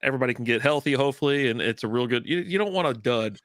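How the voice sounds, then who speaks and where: A man with a bright, forward voice, chatting loosely and swearing freely as he riffs on football. He drifts into mocking impressions of announcers. The sound is close and dry, with no room around it. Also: mid-range voice, expressive, racing, no echo. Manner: loose, profane, mocking asides. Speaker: co-host. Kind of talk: casual chat.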